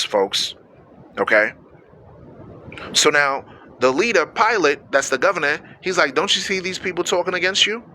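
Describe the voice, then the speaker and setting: A male radio preacher reads scripture, then breaks it down in loose, everyday slang, acting out the people in the story. His voice sits a little high and comes across bright and forceful. A faint hiss runs under the recording. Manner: conversational, acts out quoted voices, slangy asides to listeners. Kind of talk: sermon with scripture reading.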